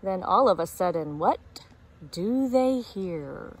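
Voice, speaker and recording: Slow, breathy woman reading to little kids. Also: mid-range voice, animated. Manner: asks young listeners questions, explains gently. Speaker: teacher reading to preschoolers. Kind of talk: picture-book read-aloud.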